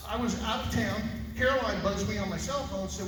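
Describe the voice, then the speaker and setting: A folksy private investigator tells his story at a press conference, his voice pitched fairly high for a man. He sounds far from the microphone in an echoing hall, with steady background noise. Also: brisk, hardly any pauses. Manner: folksy storytelling, acts out phone calls. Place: large echoey hall.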